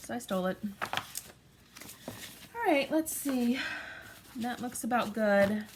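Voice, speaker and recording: A woman's voice: a little high, measured pace, long pauses. A woman in her forties giving a casual craft tutorial at home, chatty and thinking aloud with frequent ums. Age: 40s. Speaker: craft vlogger. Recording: steady background noise, paper crinkling.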